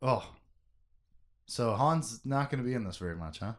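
A man's voice: mid-range voice, lively intonation, normal speed. A young man co-hosting a podcast, chatting casually about a novel in an emotive, conversational way with plenty of fillers and laughter.

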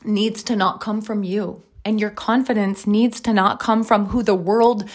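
A woman's voice: mid-range voice, steady tone, measured pace. A woman in her thirties hosting a podcast as a wellness coach, talking candidly and emphatically about her own life and swearing often. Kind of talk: candid personal monologue.

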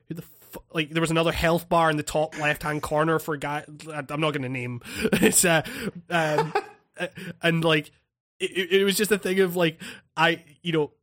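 A man's voice: a little high, a bit bright. A man in a casual chat, telling a story with lots of laughter, swearing and restarts.

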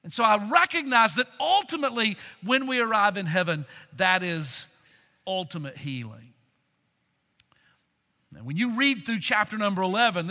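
Pastor, man, high piercing voice, dynamic sermon delivery, big echoing hall. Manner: preaching with swings from hushed to loud. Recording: long hall reverb.

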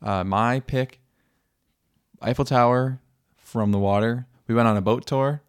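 A man's voice: medium pitch, fairly even intonation, a little slow, clear, resonant tone, dry recording, clean studio sound. A young American man co-hosting a podcast, telling stories in an enthusiastic, casual way. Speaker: podcast co-host. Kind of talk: casual chat.

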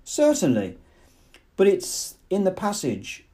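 A man playing a defiant younger man in a storybook reading, with a higher, brighter-lifted voice and loud, commanding lines. He sounds bold and sure. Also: wildly swooping pitch, slow, full character voice.

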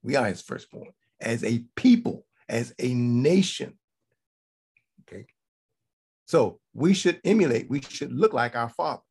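A man delivers a Bible teaching sermon in a gravelly voice. His tone is husky rather than clear, and his pitch sits in a middle range. He drives each point home by repeating it and asking "okay?" as he goes. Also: big pitch swings, a little slow, a little mellow. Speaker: teacher of a congregation.

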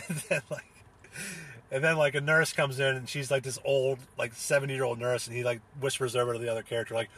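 A young man with a husky, bright-edged voice talks in a loose, rambling way. He leans on fillers and restarts, laughs through his words and swears freely. His tone stays casual and unscripted throughout. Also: mid-range voice, flat delivery, fairly quick. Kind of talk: casual solo chat recounting a comedy show.

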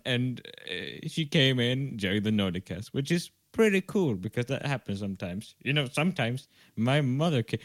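Co-hosting a podcast by video call from home, a young man speaks in a lowish voice with no echo. He fills time with rambling, joking talk and swears casually.

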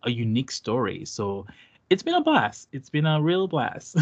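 A man's voice: mid-range voice, huge pitch swings, moderate pace, lo-fi sound. A man from Haiti with a light Haitian Creole accent, a guest talking casually and hesitantly with many fillers and restarts. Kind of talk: casual interview chat.

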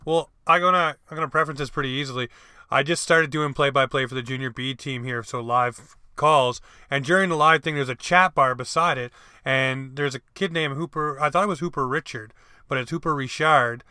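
A man hosts a loose chat and winds his way through long questions. His voice sounds very bright and smooth, and the recording is dry and close. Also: medium pitch, brisk, no room sound. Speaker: podcast host. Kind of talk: casual interview chat.

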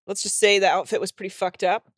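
A woman co-hosting a podcast, telling a self-mocking story in an animated, profane casual way. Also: mid-range voice, fast, dry recording, clean studio sound. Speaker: podcast co-host.

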